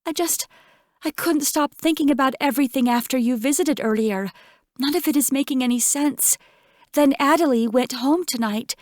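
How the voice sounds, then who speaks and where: A woman's voice: sits high, moderate pace, a little mellow, no echo, voice pushed up, lightly acted. A woman reading an audiobook, voicing a frightened, tearful young woman who sounds shaky and close to sobbing. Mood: distressed. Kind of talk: audiobook character voice.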